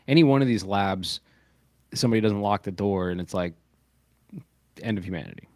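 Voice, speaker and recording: A man's voice: fairly low pitch, moderate pace, dry recording. A man co-hosting a podcast tells stories with animation and swears freely. His voice sits mid-range and sounds dry and close to the mic. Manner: animated, profane, storytelling with quoted voices. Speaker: podcast co-host. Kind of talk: casual podcast chat.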